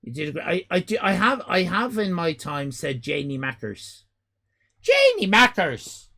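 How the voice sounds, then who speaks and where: An Irish man in his fifties hosting a live stream, loud and exclaiming, swearing and joking as he reacts to chat. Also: high voice, huge pitch swings, a little slow, creaky. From Ireland. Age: 50s. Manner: loud, exclaiming, swears and jokes, rambling restarts.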